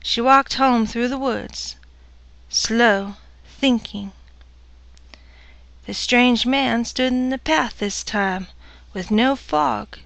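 A woman narrating a dark story in a measured, even delivery. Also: fairly high pitch, vocal fry, dry recording.

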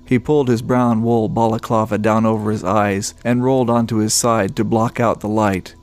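A man reading a story aloud in a steady, descriptive narration. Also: lowish voice, moderate pace. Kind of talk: scripted narration.

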